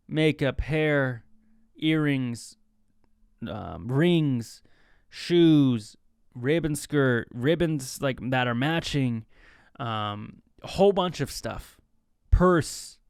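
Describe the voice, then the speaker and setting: A young man tells funny stories in a relaxed solo podcast and slips into quick impressions of other people. His voice sits a little high and comes across smooth and clean. The sound is dry and close, with no room echo. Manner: joking, animated storytelling with mimicked voices. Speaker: podcast host. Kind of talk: casual solo talk.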